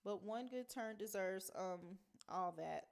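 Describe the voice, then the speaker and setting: A woman's voice: medium pitch, takes it slowly, gravelly. A woman reading a novel aloud, voicing a friendly, overly polite middle-aged man who talks in an amiable, rambling way.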